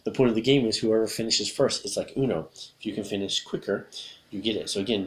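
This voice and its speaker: A man teaching English vocabulary to children, explaining a card game and drilling words with gestures in a patient, repetitive way. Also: fairly low pitch. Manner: patient, repeats words slowly for young learners.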